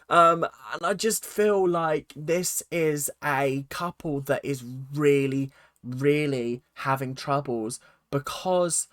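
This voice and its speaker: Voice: mid-range voice, moderate pace, fairly bright tone, dry recording, clean studio sound. A speaker giving a casual, chatty recap of a reality TV episode and acting out quotes in silly voices. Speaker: reality TV reaction vlogger.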